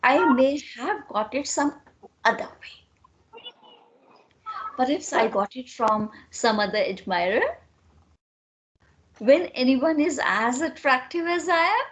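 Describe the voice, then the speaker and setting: A woman's voice: sits high, animated, a little slow. A woman with an Indian English accent reading the part of a playful, proud young wife in a teasing tone.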